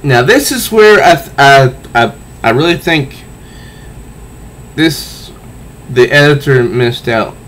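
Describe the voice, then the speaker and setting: A man's voice: mid-range voice, lively intonation, takes it slowly, pauses often, fairly bright tone. A man giving a casual comic book review, recounting panels aloud with sound effects and frequent restarts.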